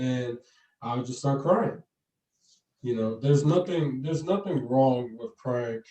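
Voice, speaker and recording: A young man, the guest's son, talking in a halting way with many fillers. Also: medium pitch, animated, dark tone, highs cut off. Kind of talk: casual chat. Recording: roomy, distant from the mic.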